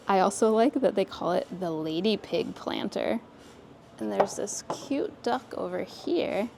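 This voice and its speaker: A woman's voice: medium pitch, vocal fry, a little mellow, a little hiss or hum. A woman vlogger narrating a casual shop-along through an antiques mall, enthusiastically pointing out items and reading their prices. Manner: enthusiastic, reads prices aloud item by item. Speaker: vintage shopping vlogger.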